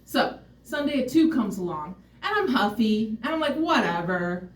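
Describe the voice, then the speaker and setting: A woman's voice: a little high, big pitch swings, moderate pace. A woman telling a personal story on stage, candid, wry and emotionally open. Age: adult, mother of a son. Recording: roomy hall, mic far off.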